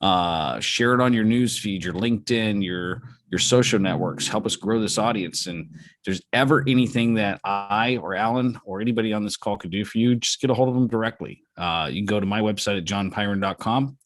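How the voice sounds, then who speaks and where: Guy with a really low voice running a business group call, folksy and encouraging, lots of uhs, dry sound. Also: brisk, no room sound. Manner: folksy, encouraging, frequent fillers and restarts. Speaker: host of a business mastermind call. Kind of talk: casual coaching talk.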